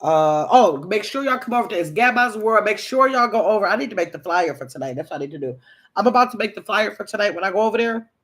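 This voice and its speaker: A woman chatting on a casual live stream, reading viewer comments aloud and greeting people by name. She tells a story in a lively, animated way. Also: mid-range voice, quick pace. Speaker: livestream host.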